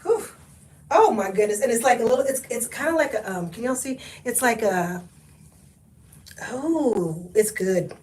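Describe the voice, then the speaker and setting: A woman hosting a live thrift haul, chatty and expressive, talking to viewers and sniffly from allergies. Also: fairly high pitch, measured pace, far from the mic. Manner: chatty and expressive, talks to viewers, laughs often. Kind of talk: live-stream haul chat. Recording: echoey room, mic set back.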